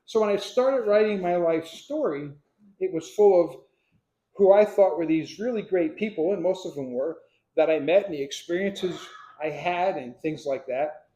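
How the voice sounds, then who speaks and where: A man in his sixties from Pennsylvania telling his life story to a live audience, acting out what people said as a lively storyteller. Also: high voice, normal speed. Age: 60s. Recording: echoey room.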